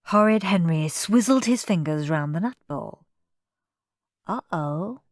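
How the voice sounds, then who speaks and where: A woman narrating a children's audiobook in an expressive storybook manner. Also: on the low side, no echo, clean studio sound. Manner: expressive, unhurried.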